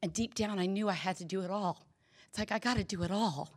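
A woman's voice: mid-range voice, fast. A middle-aged woman giving a candid personal testimony at a recovery meeting, telling stories and acting out the quoted dialogue.

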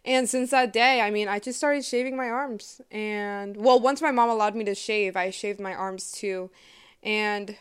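Twenties woman hosting a personal podcast. Smooth, mid-pitched voice. Casual and heartfelt, full of "like". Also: fairly even intonation, unhurried. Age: 20s. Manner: chatty and emotional, lots of "like" and "I mean". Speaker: podcast host.

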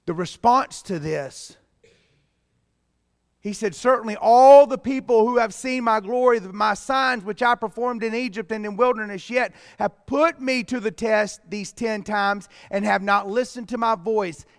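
High-voiced preacher in a big hall. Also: male voice, unhurried, clean studio sound. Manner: animated preaching, rising to shouts, reading scripture aloud. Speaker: pastor. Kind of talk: sermon.

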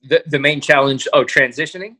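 A man with a bright, forceful voice that sits a little above the usual male pitch. He is a guest in a casual interview and tells his stories with energy, slipping into the voices of the people he quotes. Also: a little fast. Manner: animated storyteller, acts out quotes. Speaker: podcast guest.

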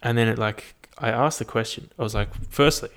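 A young man with a smooth, medium-pitched voice talks a little fast in a casual monologue, thinking out loud with lots of fillers, animated and profane.

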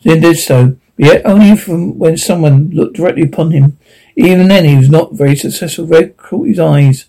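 A man narrating a short story aloud, with a halting delivery that stumbles over words. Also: on the high side, gravelly, warm tone, poor audio. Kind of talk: storybook reading.

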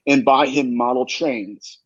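A man, a demonologist guest, tells an earnest, emphatic story in a husky voice and often repeats himself. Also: medium pitch, steady tone, takes it slowly, fairly bright tone, no room sound, highs cut off. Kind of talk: animated storytelling.

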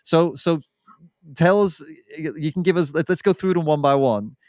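A man's voice: on the high side, moderate pace, a little mellow, no echo, studio quality. A man hosting a podcast, asking questions in a loose, joking way. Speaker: podcast host. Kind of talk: casual interview chat.

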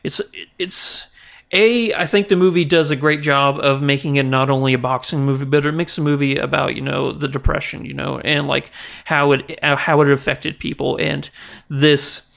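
A young man co-hosting a movie podcast, rambling with many restarts and quick laughs, easily moved. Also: fairly high pitch, steady tone, gravelly, fairly bright tone. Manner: rambling, restarts, laughs often, gets emotional. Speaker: podcast co-host. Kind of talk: casual movie chat.

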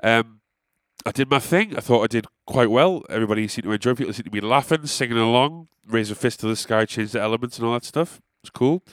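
A man's voice: mid-range voice, fast talker, dry recording, clean studio sound. A young man, a musician, telling a rambling, self-deprecating story in casual monologue.

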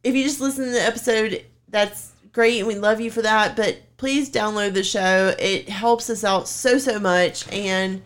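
Woman co-host, mid-pitched, loose casual chatter with swearing and filler words. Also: steady tone, moderate pace, hardly any pauses. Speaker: podcast co-host. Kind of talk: casual chat.

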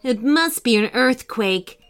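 A woman voicing Lohith, calm young T-rex leader. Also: on the high side, slow pace, clear, resonant tone, faint music behind. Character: young male T-rex, steady eldest leader.

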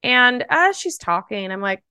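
A woman's voice: a little high, measured pace, smooth, no echo. Chatty woman telling a story, dry sound. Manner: animated, chatty, full of "like" fillers. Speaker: podcast guest. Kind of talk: casual storytelling.

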